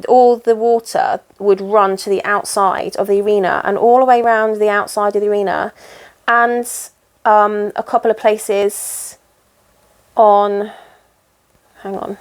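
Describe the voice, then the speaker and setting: A woman's voice: medium pitch, fairly even intonation, measured pace. A woman in casual chat while she stitches, rambling and poking fun at herself. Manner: rambling, chatty and self-deprecating. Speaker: cross-stitch vlogger.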